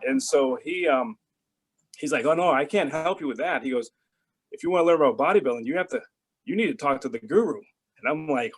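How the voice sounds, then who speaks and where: A man's voice: on the high side, animated, a little fast, slightly rough, rough recording. A middle-aged man telling a story in an interview, rambling with many restarts and fillers, and acting out the phone calls in quoted voices. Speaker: interview guest. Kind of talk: casual storytelling.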